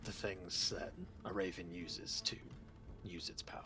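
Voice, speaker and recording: A man's voice: low-pitched, flat delivery, a little slow, over music. A man playing in a tabletop game, speaking up in a tentative, apologetic way. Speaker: player. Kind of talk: casual chat at a tabletop game.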